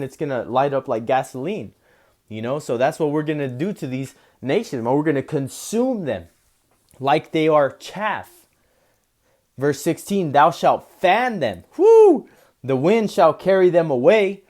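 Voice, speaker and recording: A male preacher who reads scripture slowly and solemnly, then explains it in loose, casual talk full of "you know" and "man.". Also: medium pitch, darkish tone. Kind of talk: scripture reading with commentary.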